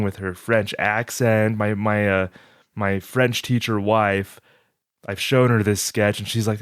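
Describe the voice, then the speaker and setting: A man's voice: fairly low pitch, dry recording, studio quality. A man hosting a podcast who chats casually and agreeably, often restarting his sentences. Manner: chatty, agreeable, with many restarts.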